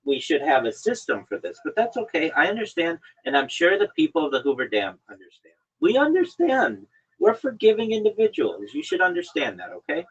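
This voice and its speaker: A man hosts a podcast and teases his guest, lecturing him in a mock-serious way over an online call. His voice is bright and husky, and his pitch moves a lot. The call audio sounds dull and lo-fi. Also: very animated, a little fast, hardly any pauses. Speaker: podcast host. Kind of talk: casual chat.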